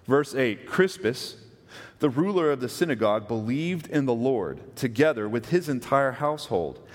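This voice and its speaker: Man, pastor, conversational sermon, mid pitch, long hall echo. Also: expressive, moderate pace. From West Texas. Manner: conversational, asks the congregation questions.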